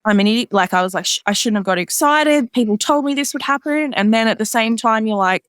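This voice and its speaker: In a clean, studio-quality recording with no room sound, a female podcast guest talks fairly quickly. Her casual personal story is peppered with "like," and whenever she quotes someone, she performs their words in a raised voice.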